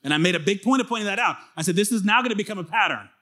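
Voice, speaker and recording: Animated man preaching a sermon. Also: sits high, racing. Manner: animated, conversational preaching with rhetorical questions; casual fillers and restarts. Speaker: pastor.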